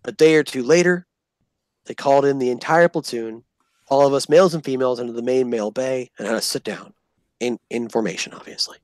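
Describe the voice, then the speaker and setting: A man's voice: mid-range voice, fairly quick, no echo. A man casually telling a profane story in a vlog, acting out the people he quotes. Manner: animated, profane, acts out quoted voices. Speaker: storyteller recounting army basic training.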